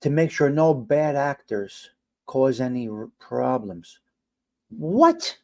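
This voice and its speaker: Ungläubiger älterer Mann mit New Yorker Akzent. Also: male voice, slow pace, gravelly, mellow. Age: older. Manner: exasperated, incredulous rants that jump high in pitch. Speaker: livestream host. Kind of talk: casual live-stream talk.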